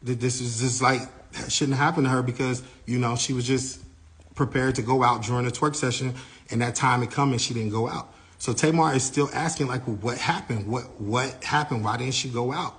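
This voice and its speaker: A man's voice: medium pitch, normal speed. A man, a tour manager, recounting an incident and acting out what each person said. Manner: animated retelling, acting out others' lines.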